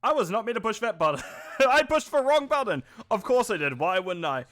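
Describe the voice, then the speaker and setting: An esports caster from New Zealand delivers live play-by-play in a high-pitched, slightly bright voice with big pitch swings, talking a little fast. Chatty and self-deprecating, he drifts into rambling asides.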